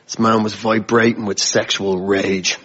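A man's voice: fairly low pitch, measured pace, background noise. A man from Dublin, a comedian telling a comic anecdote on a panel show and acting out the voices. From Dublin, Ireland. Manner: animated storytelling, acts out voices. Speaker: comedian guest. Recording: lo-fi broadcast with loud audience laughter.

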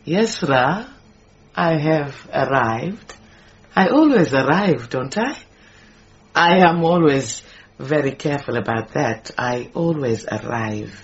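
This is a proud, possessive middle-aged housemaid in a radio play. She scolds and wails in a voice that leaps up and down in pitch. The recording sounds muffled and lo-fi. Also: lively intonation, slow, exaggerated voice. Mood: haughty. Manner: histrionic, scolding, wailing.

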